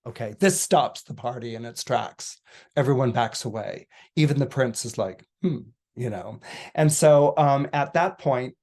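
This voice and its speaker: A man on a podcast retelling a story in a casual, animated way, full of restarts and fillers. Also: medium pitch, normal speed. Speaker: podcast astrologer guest.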